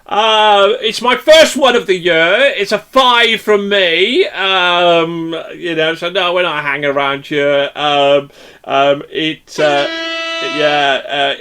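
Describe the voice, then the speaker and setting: A man hosts a casual music review chat on a video call, rambling with plenty of ums and restarts. His voice sits a touch high and jumps up when he gets excited. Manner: rambling, lots of ums and restarts, lively exclamations. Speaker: podcast host.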